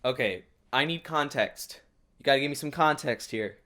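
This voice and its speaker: A man hosts a reaction video, riffing on what he watches in casual comedic commentary. He is excitable and sarcastic, full of quick asides. His voice sits at an ordinary male pitch. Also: faint music behind.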